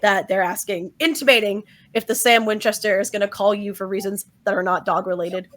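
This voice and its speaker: A woman's voice: mid-range voice, fairly even intonation, a little fast, a bit bright. A woman running a tabletop game as game master, narrating in a chatty way full of fillers and easy laughter.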